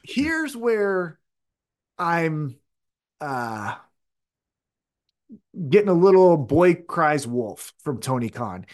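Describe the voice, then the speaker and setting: A man's voice: a little high, big pitch swings, extremely slow, long pauses, darkish tone. A man co-hosting a casual wrestling chat podcast, rambling and opinionated as he talks things through. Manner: rambling, opinionated, restarts often. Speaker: podcast co-host.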